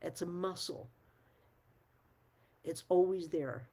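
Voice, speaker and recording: Casting: middle-aged woman, frank and emphatic vlog host, low husky voice. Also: takes it slowly, dark tone. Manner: frank, emphatic, swears, laughs often. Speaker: channel host. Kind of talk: casual talk to camera.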